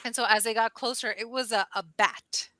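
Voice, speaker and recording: A woman's voice: moderate pace, slight background noise, rough recording. A woman tutoring English over a video call, telling stories in casual chat, leaning on "like" and acting out quotes in squeals. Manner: animated storyteller, acts out quotes in high squeals; heavy use of "like" as filler. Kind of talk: casual conversation lesson.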